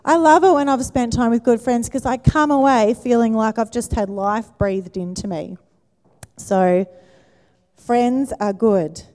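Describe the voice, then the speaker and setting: A woman's voice: on the high side, a little slow. Aussie lady pastor preaching, asks the crowd stuff, echoey church hall. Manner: warm conversational preaching with questions to the congregation. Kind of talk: sermon. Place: church auditorium. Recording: church hall with long reverb.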